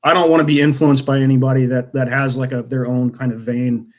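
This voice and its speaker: A man's voice: mid-range voice, level tone, brisk. A man, a comedian guest on a podcast, chatting casually and rambling with many restarts. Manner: rambling, self-interrupting, laughs often.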